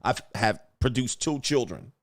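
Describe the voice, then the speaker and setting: A man hosting a livestream, ranting casually and profanely while acting out quotes in animated bursts. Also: medium pitch, a little slow. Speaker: livestream host. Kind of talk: casual commentary rant.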